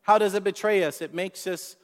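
A man preaching a sermon in an animated way, repeating words and asking the congregation questions. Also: sits high, a little fast. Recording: long hall reverb.

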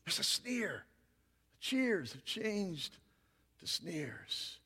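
A male pastor preaching a sermon, swinging between loud, emphatic passages and quiet, slow emphasis. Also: high-pitched, sing-song, slightly rough, long reverb tail.

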